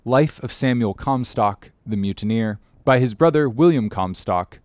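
A man narrating an audiobook in a measured, formal reading manner. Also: medium pitch, a little mellow, no room sound, clean studio sound.

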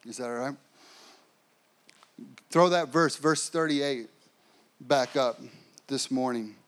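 A man preaching a sermon as pastor, telling a personal story with lively acted-out quotes. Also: medium pitch, slow.

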